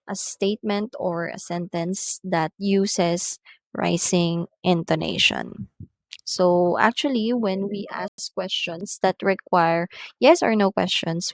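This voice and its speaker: A woman's voice: medium pitch, no echo. A woman English teacher giving a recorded lesson on intonation and reading numbered example sentences aloud. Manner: says "so" at the start of many lines.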